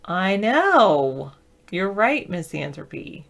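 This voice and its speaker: A Southern American woman chatting on a video call rambles through stories and spells some words out letter by letter. She speaks slowly and sing-song in a lowish voice with vocal fry, a bit bright.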